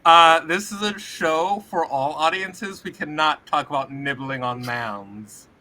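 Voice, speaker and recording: A man's voice: a little high, measured pace, sharp tone, a little hiss or hum. A man playing a tabletop role-playing game, joking around and hesitating with frequent fillers. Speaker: player. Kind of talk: casual tabletop game chat.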